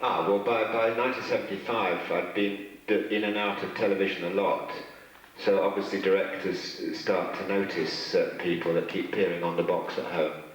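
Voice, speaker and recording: A man with a low voice, heard from across an echoey hotel function room as he answers questions. He tells rambling, self-mocking stories and chuckles at his own jokes. The sound is distant, with heavy reverb from the hall. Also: steady tone, normal speed, a little hiss or hum. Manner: rambling, joking anecdotes with chuckles. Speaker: guest actor at a fan convention. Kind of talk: convention Q&A storytelling.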